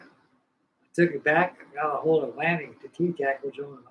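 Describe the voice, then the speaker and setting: A man's voice: on the high side, steady tone, normal speed, a bit bright, a little hiss or hum, rough recording. Rambling older man, folksy storyteller. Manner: rambling, folksy, repeats himself. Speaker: scale model builder hosting a live stream. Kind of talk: casual storytelling chat.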